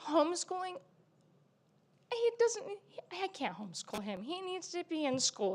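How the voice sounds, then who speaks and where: A middle-aged mother pleads at a public meeting, her voice high and close to breaking. She talks in an emotional, near-tearful rush, asking for help. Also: sing-song, moderate pace, a bit bright. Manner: pleading, on the verge of tears. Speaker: parent speaking at public comment.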